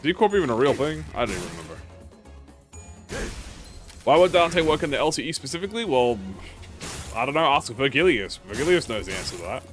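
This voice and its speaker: A man's voice: medium pitch, sing-song, brisk, pauses often. A man live-streaming a game and chatting to viewers. His talk rambles, corrects itself and trails off into mumbles. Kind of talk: casual live-stream chat while gaming. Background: faint game music.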